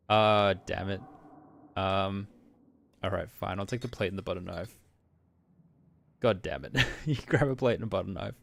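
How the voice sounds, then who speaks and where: A man streaming a visual novel, reading its narration briskly and muttering asides while laughing at himself. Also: lowish voice, creaky, no echo.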